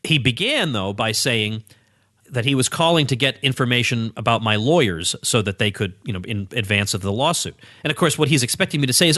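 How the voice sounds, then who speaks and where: A man hosting a podcast from his small home office, telling a story in a playful, animated way. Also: medium pitch, a little fast, no echo, clean studio sound. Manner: lively, playful, animated retelling with laughs. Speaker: podcast host. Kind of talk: casual storytelling monologue. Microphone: studio microphone.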